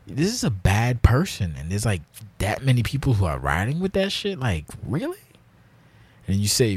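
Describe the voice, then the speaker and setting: A man's voice: medium pitch, wildly swooping pitch, fairly quick, a little mellow, slightly rough. A man hosting a casual solo podcast monologue, rambling and blunt with heavy swearing, grouchy in tone. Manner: self-described grouchy, blunt. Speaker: podcast host.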